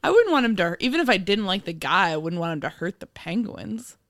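A woman's voice: medium pitch, big pitch swings, brisk, a bit bright, dry recording, studio quality. A young woman co-hosting a casual movie chat, playful and laughing often. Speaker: podcast co-host.

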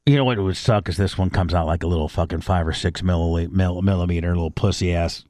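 A man's voice: low voice, fairly even intonation, fast talker, darkish tone, no echo. Male radio host, loose profane rambling, dry close studio sound. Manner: rambling, profane, many restarts. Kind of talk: casual crude chat.

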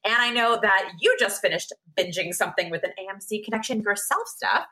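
A woman's voice: mid-range voice, fairly quick, bright, forceful tone. A woman co-hosting an interview podcast, telling stories in an upbeat, enthusiastic way. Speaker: podcast co-host. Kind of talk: casual interview chat.

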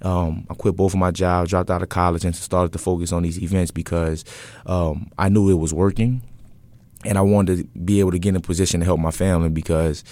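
Relaxed and fairly quick, this young man has a low-pitched voice with no room sound. As an interview guest who runs an event business, he rambles through his story using many fillers.

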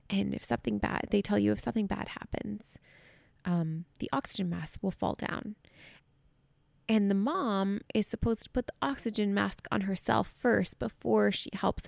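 A woman's voice: medium pitch, gravelly, no room sound. A woman in her thirties hosting a podcast and telling a personal story candidly, choked up and close to tears. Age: 30s. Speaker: podcast host.

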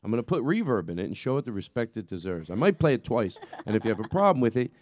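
A man's voice: mid-range voice, quick pace, dry recording. A man hosting a podcast in casual, rambling chat, often breaking off mid-sentence and laughing. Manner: animated, rambling, self-interrupting, laughs often. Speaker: podcast host.

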